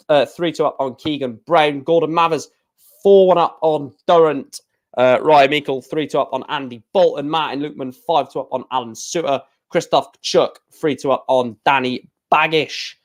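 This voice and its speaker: A young man hosting a casual livestream, reading out match scores and rambling and correcting himself as he goes. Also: fairly high pitch. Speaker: livestream host.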